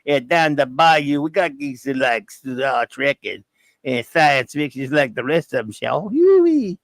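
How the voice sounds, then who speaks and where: A man's voice: medium pitch, very animated, a little slow, no room sound. A man voicing a jovial drawling Cajun Southerner with a put-on Cajun accent.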